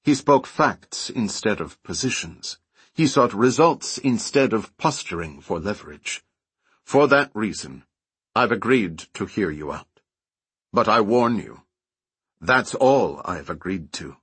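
A man's voice: lowish voice, lively intonation, unhurried, fairly bright tone, slightly rough, no echo, heavily acted. A man voicing a stern, guarded general.

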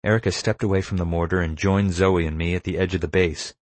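Deep-voiced man narrating a story. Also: fairly even intonation, fast, no room sound. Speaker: audiobook narrator. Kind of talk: first-person scripted narration.

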